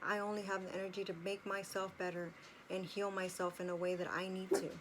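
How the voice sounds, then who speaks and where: A woman's voice: mid-range voice, flat delivery, fairly quick, very noisy. A woman talking casually and earnestly in a personal vlog at home, with many "you know" fillers. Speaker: vlogger.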